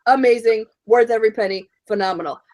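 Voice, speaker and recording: A woman guest on a casual podcast, telling stories with lively enthusiasm. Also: a little high, fast talker, muffled recording. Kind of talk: casual chat, telling a story.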